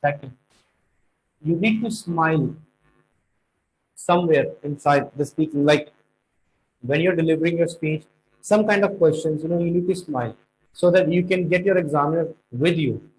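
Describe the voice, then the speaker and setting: A man teaching speaking exam tips, stressing key words and slowing down to make points. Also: on the high side, a little mellow, slight background noise, rough recording. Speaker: IELTS tutor.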